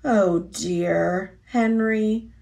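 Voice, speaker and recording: A woman's voice: high-pitched, wildly swooping pitch, slow, voice pushed up, full character voice. A woman voicing a fretful middle-aged mother in a storybook, worried and fussing.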